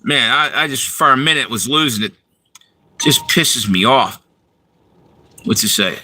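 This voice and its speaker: Brief: a man hosting a livestream, heated and profane, tense bright tone. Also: medium pitch, expressive, a little slow, low-quality recording. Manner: profane, heated, talks to viewers. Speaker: livestream host reading chat. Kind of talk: angry ranting livestream.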